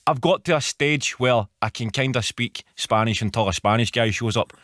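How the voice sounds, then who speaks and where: A man's voice: medium pitch, normal speed, fairly bright tone, dry recording. Glaswegian man, comedian guest on a radio chat, wry and laid-back, close dry mic. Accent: Scottish, Glasgow area. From Scotland. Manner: laid-back, wry storytelling, acts out what others said.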